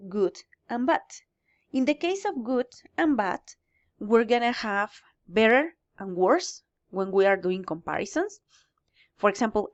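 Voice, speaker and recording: Higher-voiced teacher, muffled lo-fi sound. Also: female voice. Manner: explains step by step, asking and answering her own questions. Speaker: English teacher. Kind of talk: recorded grammar lesson.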